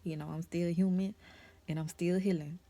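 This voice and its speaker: A woman's voice: lowish voice, steady tone, normal speed, warm tone, a little hiss or hum. A young woman vlogger speaking her personal testimony to camera, nervous and emotional, in a casual conversational way.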